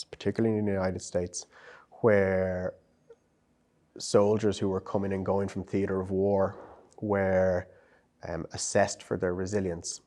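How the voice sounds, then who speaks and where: A man from Ireland with a low, slightly mellow voice talks ideas over in an interview; he's a psychologist and psychotherapist. His manner is thoughtful, full of repeated words and fresh starts as he thinks.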